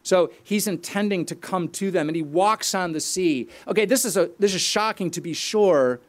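A man's voice: sits high, normal speed. A male preacher giving an earnest, explanatory sermon with occasional asides.

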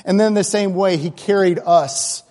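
Earnest male preacher, conversational sermon, slightly higher voice, long hall echo. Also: moderate pace, darkish tone. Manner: conversational, earnest, with asides and restarts.

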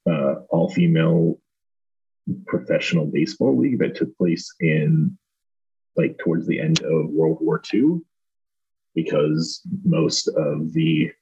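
A man's voice: extremely low pitch, a little mellow, husky, lo-fi sound. A man from Southern Indiana co-hosting a podcast, reviewing a show in casual chat and hedging with many restarts. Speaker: podcast co-host.

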